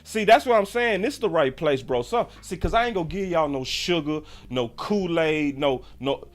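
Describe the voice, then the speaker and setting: A man hosting a sports channel, talking excitedly, repeating himself and throwing in mocking exclamations. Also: on the high side, normal speed. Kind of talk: animated live-stream commentary.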